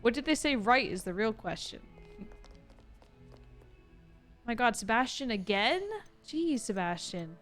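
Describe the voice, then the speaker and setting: A woman with a Californian Valley Girl accent, chatting casually with her viewers while playing a game. She says "like" a lot, with upward inflection and a touch of vocal fry. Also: on the high side, expressive, measured pace, pauses often, fairly bright tone, soft background music. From California, USA. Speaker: gaming streamer. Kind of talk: casual let's-play chat with viewers.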